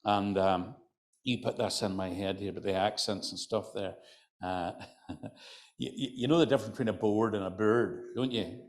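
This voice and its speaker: A man's voice: lowish voice, steady tone, moderate pace. Older Antrim man spinning yarns. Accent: County Antrim. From County Antrim, Northern Ireland. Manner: chatty, teasing, lots of "you know". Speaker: folklorist storyteller. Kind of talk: live humorous storytelling. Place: hotel function room.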